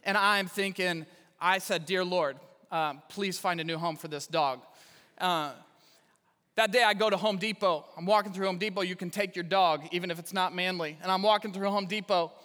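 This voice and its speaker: A man's voice: sits high, moderate pace, bright, forceful tone. A male pastor giving a sermon with stories and self-deprecating humor, speaking in a large church hall. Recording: reverberant hall.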